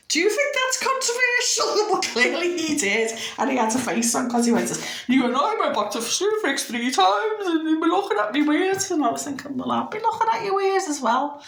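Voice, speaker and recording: A woman's voice: mid-range voice, echoey room. A middle-aged woman, chatting casually in a home vlog, indignant and acting out quoted exchanges. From United Kingdom. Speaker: vlogger.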